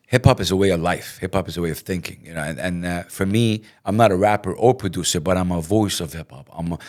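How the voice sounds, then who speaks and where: A middle-aged man talks in a relaxed interview with a fairly low voice. He tells his stories in an animated way, often repeating words and acting out what others said. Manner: animated, repeats himself, acts out quotes. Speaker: radio host, interview guest. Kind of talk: casual interview.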